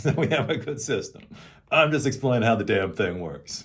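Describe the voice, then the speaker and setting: A man's voice: medium pitch, animated, moderate pace, a bit bright. A man hosting a casual rant, rambling, swearing freely and often laughing. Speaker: host.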